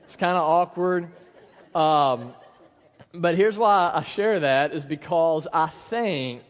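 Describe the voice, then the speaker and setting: A man in his thirties, a pastor preaching a sermon in a church, telling stories in a relaxed, conversational, self-deprecating way. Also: on the high side, takes it slowly. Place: church sanctuary. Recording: long hall reverb.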